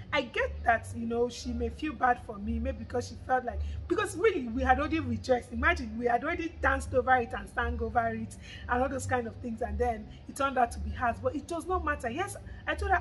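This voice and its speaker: A woman's voice: high-pitched, fast talker, a little hiss or hum, rough recording. A young woman, telling a personal story to her vlog audience and acting out the conversation with her friend. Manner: animated, quotes friend's words in lively retelling. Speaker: vlogger. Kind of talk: casual storytelling to camera.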